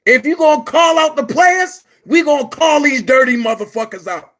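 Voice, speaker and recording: Brief: man, very high voice, angry profane commentary rant, frequent shouting, blunt and repetitive. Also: animated, moderate pace. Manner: blunt and emphatic, repeats phrases. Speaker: online commentary host. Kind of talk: heated vlog rant.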